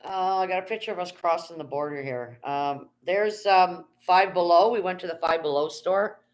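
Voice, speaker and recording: A chatty woman with a lowish voice talks at normal speed on a casual live stream. She rambles, swears freely, and reads the chat aloud.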